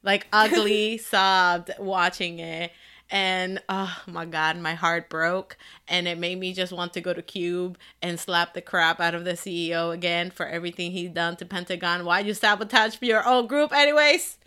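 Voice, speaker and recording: A woman's voice: fairly low pitch, moderate pace, clear, resonant tone. A young woman co-hosting a casual chat podcast, gushing and emotional as she tells stories. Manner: gushing, emotional, animated storyteller. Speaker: podcast co-host.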